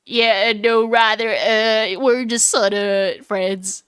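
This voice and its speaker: A woman's voice: a little high, steady tone, slow pace, fairly bright tone, clean tone, no room sound, studio quality, pitched below the performer's own voice. A woman voicing an earnest, flustered young male lawyer in game dialogue, in her own voice.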